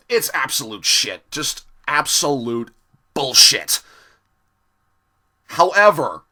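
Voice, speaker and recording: A young man reviews an episode in a pushed, bright voice of medium pitch. He rants in an exasperated, profane monologue, heaving big sighs between his complaints.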